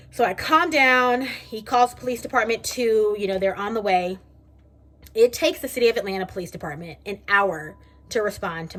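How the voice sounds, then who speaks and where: A young woman, casually vlogging and telling a story in a chatty, animated way from her kitchen. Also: mid-range voice. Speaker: beauty vlogger. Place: home kitchen.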